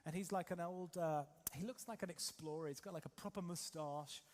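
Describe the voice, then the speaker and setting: Fast-talking, punchy male seminar speaker. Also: high voice. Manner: energetic, punchy, quizzes the crowd with rhetorical questions. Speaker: trading coach and seminar speaker. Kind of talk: motivational seminar talk to a live audience. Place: seminar room with a live audience.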